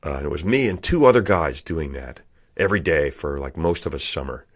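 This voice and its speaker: A man's voice: a bass voice, expressive, brisk. A man telling a profane work story in casual podcast chat, laughing often as he goes.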